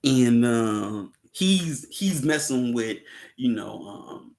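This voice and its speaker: Man, casual film talk host, gravelly, lively pitch, laid-back, laughs a lot. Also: drawn-out words. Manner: laid-back, laughs often, many fillers. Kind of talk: casual livestream film discussion.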